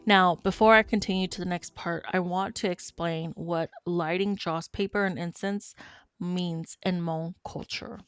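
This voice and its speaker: A woman as podcast host, narrating a story in an earnest, measured way. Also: fairly low pitch, fairly even intonation, clean tone, no room sound.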